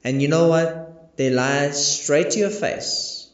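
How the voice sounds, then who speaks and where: A man preaching with a high, ringing voice, firing rhetorical questions at his congregation. The sound is echoey and a little dull, like a lo-fi recording in a reverberant room. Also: takes it slowly. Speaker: pastor. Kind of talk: sermon.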